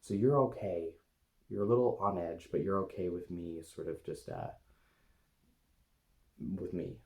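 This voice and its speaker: Soft-spoken, creaky low-voiced man. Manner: hesitant and gentle, with many pauses and fillers; talks softly to an inner part with his eyes closed. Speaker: eating coach and video host. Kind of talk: demonstrating a guided meditation to camera.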